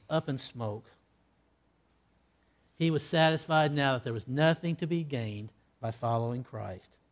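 A man preaching a sermon, acting out scripture dialogue, with loud emphatic peaks that fall to hushed, low line endings. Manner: acts out quoted lines in old-fashioned scripture wording.

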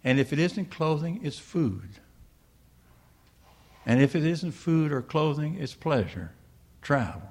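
A man's voice: on the high side, sing-song, unhurried, long pauses, darkish tone. An older man preaching a sermon, reading scripture aloud and asking his listeners questions he then answers himself. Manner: emphatic, asks the congregation rhetorical questions.

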